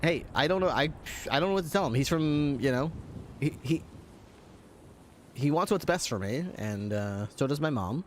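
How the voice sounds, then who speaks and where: A man's voice: fairly high pitch, lively intonation, moderate pace, pauses often, slight background noise. Candid, self-deprecating streamer man. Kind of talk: casual stream chat.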